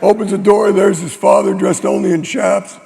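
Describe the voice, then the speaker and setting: A man telling a string of dirty jokes in a deadpan talk-show manner, rattling through the punchlines. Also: sits high, moderate pace, vocal fry.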